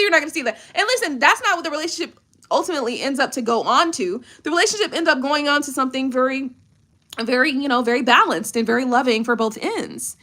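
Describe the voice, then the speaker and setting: Reading from a book during a casual chat, this woman tarot reader has a voice that sits high. She keeps adding animated, chatty asides and laughs frequently.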